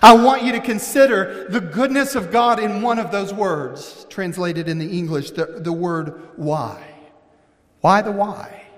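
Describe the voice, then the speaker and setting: A man's voice: high voice, measured pace. A pastor preaching a sermon with passion, calling out members of his congregation by name. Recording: long hall reverb.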